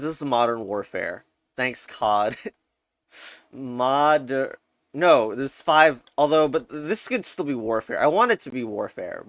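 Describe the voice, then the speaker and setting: A man's voice: medium pitch, fairly bright tone, dry recording, clean studio sound. Chatty young man thinking aloud. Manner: thinking aloud, chatty, laughs often, mutters uncertainly. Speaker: puzzle game streamer. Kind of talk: casual commentary while solving crosswords.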